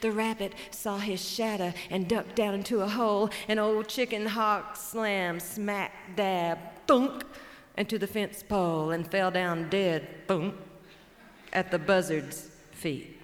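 A Cajun woman from Louisiana, storytelling and emceeing live on stage in a lively, folksy way, with a Cajun accent. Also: mid-range voice, a little slow. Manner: lively, folksy, warmly engaging the audience. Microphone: stage microphone. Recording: long hall reverb from a live stage.

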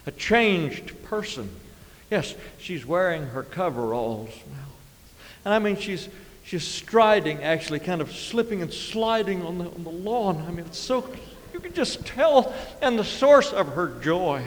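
A middle-aged man telling a comic story in a drawling, deadpan way, adding sound effects and chuckles. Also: high voice, measured pace. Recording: live hall reverb, faint ambience.

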